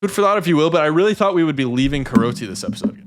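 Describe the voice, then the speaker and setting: A man's voice: fairly high pitch, expressive, racing. A man running a tabletop game as dungeon master, wrapping up the session in casual chat and teasing his players with frequent laughter.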